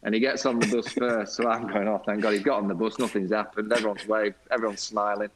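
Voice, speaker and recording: A man, a guest on a video call, telling a lively anecdote with laughter and quoted voices. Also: fairly low pitch, fast talker, a little hiss or hum, rough recording. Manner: lively storyteller, laughs often, mimics teammates. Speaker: former cricket captain guest. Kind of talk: anecdotal storytelling.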